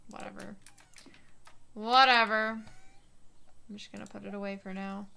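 A young woman streamer chatting casually while she plays, talking to herself, mocking her own mistakes and swearing with sudden loud outbursts. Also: medium pitch, completely flat delivery, racing, vocal fry. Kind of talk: casual live-stream chat while playing a farming game.

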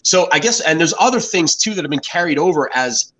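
This guest, an American in his fifties, has a fairly high, animated, fairly bright voice and talks a little fast, rambling through stories in a casual interview and often beginning sentences again. The audio is poor.

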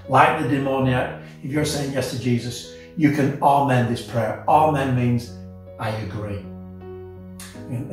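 Male pastor, earnest impassioned sermon, boomy church room, mic a bit far off. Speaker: senior pastor. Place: church auditorium. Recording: echoey church hall, mic at a distance. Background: soft guitar music.

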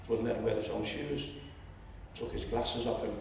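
Seventies Liverpool man, gravelly, public speech, roomy distant hall sound. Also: mid-range voice, fairly even intonation, normal speed, a little hiss or hum. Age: 70s. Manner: storytelling, rising to loud indignation. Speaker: public meeting speaker. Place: lecture hall. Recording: echoey hall, distant mic.

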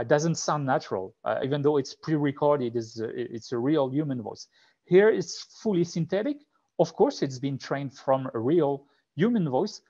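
A man's voice: fairly high pitch, a little mellow, dull audio. Man with a thick French accent. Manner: hesitant, many fillers and restarts. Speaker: webinar presenter. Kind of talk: live tech webinar demo.

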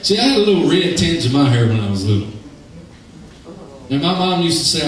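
A man's voice: sits high, big pitch swings, normal speed, fairly bright tone. A man preaching a sermon as pastor, passionately acting out biblical figures in dialogue. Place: church sanctuary. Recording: roomy, distant church recording.

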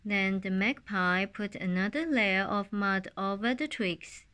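A woman reading a children's story aloud in a calm, unhurried storybook manner. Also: mid-range voice, smooth.

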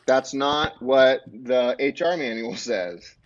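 A man's voice: mid-range voice, slow pace, highs cut off, slight background noise. A man from Southern California, co-hosting a live web show and protesting in playful banter. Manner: exasperated, protesting. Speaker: co-host.

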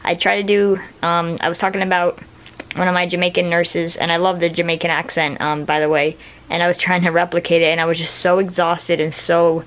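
A man's voice: a little high, level tone, brisk, a bit bright, poor audio. A young man vlogging casually from a hospital room, tired after surgery, rambling with many fillers and restarts. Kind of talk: casual vlog chat.

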